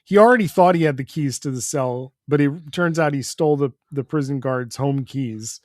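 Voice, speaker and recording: A man's voice: medium pitch, normal speed, no room sound, clean studio sound. A man co-hosting a comics podcast, recapping the plot in an easygoing way with fillers. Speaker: podcast co-host. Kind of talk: casual comics chat.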